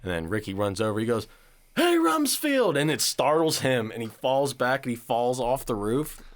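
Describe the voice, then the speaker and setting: A man's voice: medium pitch, brisk, no room sound. A man hosting a horror podcast in casual chat, laughing often and leading the rating segment. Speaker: podcast host.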